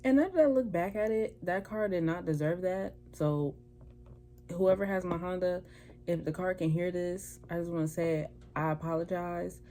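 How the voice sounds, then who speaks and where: Low-voiced chatty woman vlogger. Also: moderate pace, mellow, slight background noise. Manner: chatty, acts out quoted dialogue in altered voices. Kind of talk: casual storytelling to camera.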